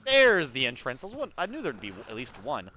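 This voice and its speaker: A young man streaming a video game, chatting casually with his viewers, excitable and quick to swear. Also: medium pitch, faint music behind. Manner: excitable, swears often, talks to chat. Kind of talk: casual live-stream commentary.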